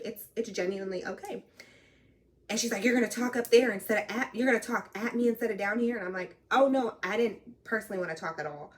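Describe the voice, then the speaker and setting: A young woman telling a story in a casual, animated way, acting out both sides of an argument and swearing freely. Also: fairly low pitch, recorded from a distance. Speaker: trucking vlogger.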